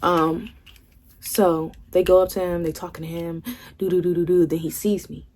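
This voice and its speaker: A woman's voice: on the low side, little pitch movement, normal speed, darkish tone. A young woman vlogger telling a candid storytime, swearing freely and acting out what her friends said. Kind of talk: casual storytime.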